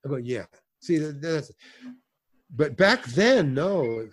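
A man's voice: fairly high pitch, takes it slowly. Older man telling stories with acted voices. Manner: animated, acts out voices in anecdotes, many fillers and restarts. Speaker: guest actor and comedian. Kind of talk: storytelling in a casual interview.

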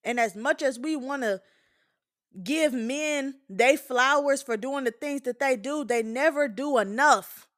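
Host, woman, 20s: candid, profane, emphatic monologue; slightly higher-pitched voice. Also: a little slow, a bit bright. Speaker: podcast host.

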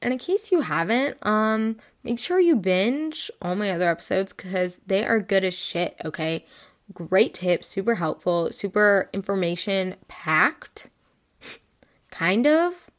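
A woman's voice: medium pitch, unhurried. Tired teen girl rambling on her podcast, says like a lot, kinda jokey about herself, normal mid voice. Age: late teens. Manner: chatty, rambling, heavy use of "like"; frank and self-mocking. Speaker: podcast host. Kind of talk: casual solo podcast chat.

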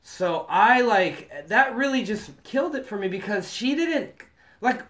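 A man's voice: high voice, lively intonation, a little slow, a bit bright. A man in his thirties, telling a personal story in casual, profane podcast chat.

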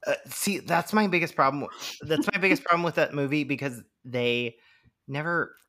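A man's voice: a little high, normal speed, bright, forceful tone. A man co-hosting a casual film-review podcast, talking bluntly and opinionatedly with many fillers. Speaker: podcast co-host.

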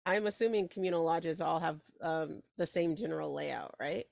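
A woman with a slightly low voice plays a tabletop game, thinking out loud with frequent ums and likes and a giggly, hesitant manner. Her voice sounds dry and close to the microphone. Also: moderate pace, creaky, no room sound. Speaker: player. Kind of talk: casual tabletop game play.

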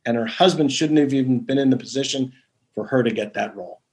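A man's voice: mid-range voice, fast, a little mellow. A man talking as a podcast guest and author, telling history earnestly and often restarting his sentences. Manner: earnest, storytelling, restarts mid-thought. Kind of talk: podcast interview.

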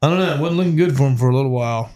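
A man's voice: medium pitch, racing, darkish tone. A man, a podcast guest in laid-back casual chat.

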